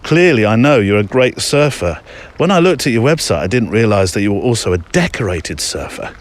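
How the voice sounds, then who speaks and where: A man's voice: fairly low pitch, sing-song, a little fast. A British man hosting a podcast, reading listener mail aloud in a casual, chatty way with joking asides. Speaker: podcast host.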